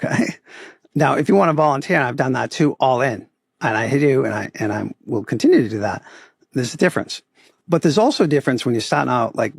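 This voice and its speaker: A middle-aged man from Boston with a Boston accent, a podcast guest telling stories about his photography business in a casual, animated way, often adding "right?". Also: medium pitch, vocal fry, husky, no room sound, studio quality. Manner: animated storyteller, acts out quoted voices, often adds "right?". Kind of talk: casual interview storytelling.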